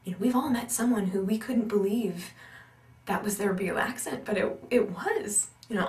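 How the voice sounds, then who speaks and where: Animated woman coaching on accents. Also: mid-range voice, moderate pace, recorded from a distance. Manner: animated, emphatic, repeats key points. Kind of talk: instructional talk. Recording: roomy echo, speaker off-mic.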